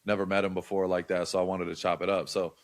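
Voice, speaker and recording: A young man in casual storytelling mode as a podcast guest, talking in an animated way, loose and full of slang and filler words. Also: low-pitched, fast talker.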